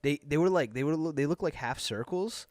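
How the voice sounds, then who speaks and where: A young man in his twenties co-hosting a podcast, talking in an excitable, animated way in casual chat. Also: fairly high pitch, dry recording, studio quality. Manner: excitable, animated, quick to laugh. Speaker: podcast co-host.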